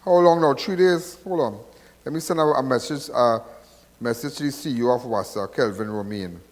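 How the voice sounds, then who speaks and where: Trinidadian man, call-in host, rambly and preachy, mid-pitched voice with long reverb. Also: moderate pace. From Trinidad and Tobago. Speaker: radio call-in show host. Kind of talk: casual call-in talk.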